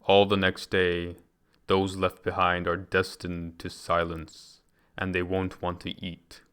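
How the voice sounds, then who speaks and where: A man reads from a book in a measured, deliberate manner. His voice sits on the low side and rings smooth and full. Now and then he stumbles and starts a phrase again. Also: monotone, fairly bright tone. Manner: measured, deliberate reading with occasional restarts. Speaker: reader. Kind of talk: reading a book aloud.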